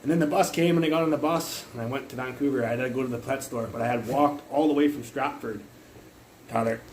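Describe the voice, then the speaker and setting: A young man talks into his phone mic in a mid-pitched voice, rambling loosely from one story to the next. He swears all the time and yells out the punchlines of his own anecdotes, with a faint hiss of noise underneath. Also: fairly even intonation, quick pace, rough recording. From Canada, Burnaby area. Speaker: livestreamer. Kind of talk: casual profane storytelling.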